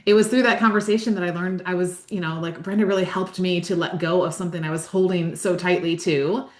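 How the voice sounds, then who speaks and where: A woman's voice: lowish voice, fairly even intonation, a little fast, roomy sound. A woman hosting a faith-based podcast interview, enthusiastic and affirming as she introduces and responds to her guest. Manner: enthusiastic and affirming, gushes praise. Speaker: podcast host.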